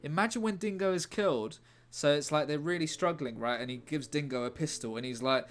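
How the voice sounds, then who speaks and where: A man's voice: medium pitch, normal speed, a bit bright. A man casually chatting on a live stream as he writes a script, rambling and joking while reading out chat. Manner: rambling, jokey, reads chat aloud. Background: faint background music.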